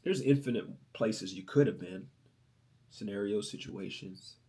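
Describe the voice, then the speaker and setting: A man hosting a motivational podcast, talking in an inspirational, sermon-like way that swings from loud, rising preaching to soft, hushed storytelling. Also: fairly low pitch, unhurried.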